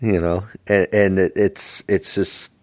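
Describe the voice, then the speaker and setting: A man's voice: low-pitched, level tone, takes it slowly, darkish tone, no echo. A middle-aged man co-hosting a casual religious podcast, rambling and jokey, stumbling over repeated words. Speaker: podcast co-host.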